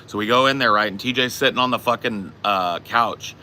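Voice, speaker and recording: Podcast host, low voice, bright tone, cusses freely while telling a story. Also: male voice, a little fast, slight background noise. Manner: swearing, animated anecdote-telling. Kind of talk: casual storytelling chat.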